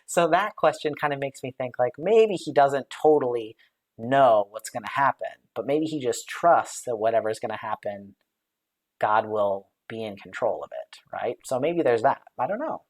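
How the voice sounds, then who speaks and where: On a live stream, a Bible study leader with an animated, slightly mellow, medium-pitched voice talks at a moderate pace. There are many fillers and light laughs as the leader thinks aloud, reading viewer comments as they come in and responding to each.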